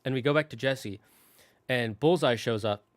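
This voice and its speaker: A man's voice: mid-range voice, moderate pace, dry recording. A young adult man hosting a gaming channel, casually recapping a story in a rambling, self-correcting way with plenty of restarts and fillers. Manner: emotional, tearing up.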